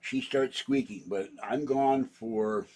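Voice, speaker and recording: A man's voice: mid-range voice, slow pace, darkish tone. A man vlogging in a rambling, casual chat, grumbling and chuckling to himself.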